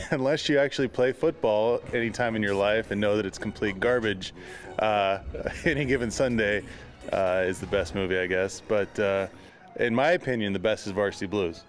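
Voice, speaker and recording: A man's voice: on the low side, normal speed. Joking young man with music behind. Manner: joking, opinionated. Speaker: football player co-host. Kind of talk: casual chat.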